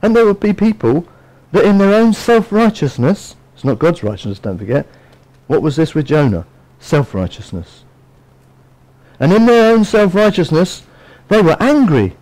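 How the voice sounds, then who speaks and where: Lively high-voiced male preacher. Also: moderate pace, poor audio. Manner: animated, storytelling, acts out voices. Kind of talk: sermon.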